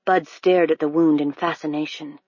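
A narrator reading fiction aloud in a steady, even-paced storytelling manner. The recording is close and dry, with a slightly dull, muffled top end. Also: mid-range voice, normal speed, no echo. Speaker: audiobook narrator. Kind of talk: scripted audiobook narration.

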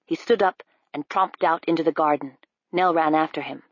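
A woman narrating a novel in a steady, measured storytelling manner. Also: low voice, slightly rough, dry recording. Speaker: audiobook narrator. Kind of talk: scripted narration. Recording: dry, slightly dull recording.

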